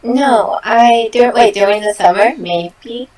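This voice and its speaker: A bubbly young woman talking in a lab meeting, her voice a bit high. She speaks with a lot of fillers and keeps laughing. She sounds a little off from her mic. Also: slow pace, a little mellow, far from the mic, poor audio. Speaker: lab member. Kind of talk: casual meeting chat.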